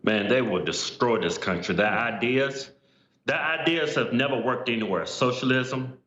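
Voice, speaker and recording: A man's voice: medium pitch, normal speed, fairly bright tone, slight background noise. A man who is a guest in a political interview, speaking emphatically in short, opinionated statements. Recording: roomy, dull remote audio.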